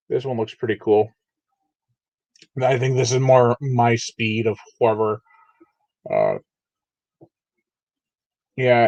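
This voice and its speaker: A man hosts a live unboxing stream, talking loosely and filling pauses with "uh" and "um" as he reads chat. His voice is of middle pitch and sounds dull and lo-fi. The room around him is dry, with no echo. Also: dark tone. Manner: casual, rambling, many fillers. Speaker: channel host. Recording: dull, lo-fi dry home mic.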